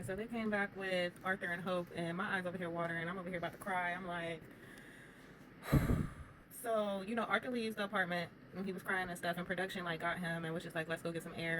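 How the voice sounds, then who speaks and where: Woman, fast and animated recap commentator, lowish voice, with audible background noise. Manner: animated, opinionated, talks straight to the viewers. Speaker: reality TV commentator.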